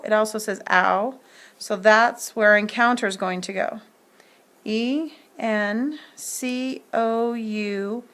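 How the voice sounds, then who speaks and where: A woman teaching a phonics lesson, sounding words out slowly and spelling them letter by letter. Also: on the high side, bright, forceful tone.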